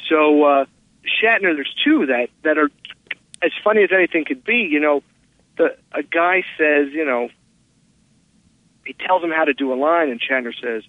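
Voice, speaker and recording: A man, an actor guest, telling animated stories and acting out quotes in a casual interview. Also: moderate pace, pauses often, dry recording. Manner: animated storyteller, acts out quotes with big pitch jumps. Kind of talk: casual phone interview storytelling. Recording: tinny phone line.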